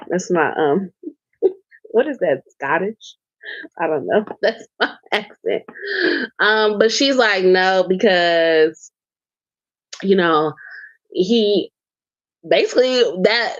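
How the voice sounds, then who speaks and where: A woman's voice: mid-range voice, takes it slowly, pauses often, dry recording, muffled recording. Candid, rambling woman in casual chat. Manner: loose and candid, swears, laughs often, rambles with fillers. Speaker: podcast co-host.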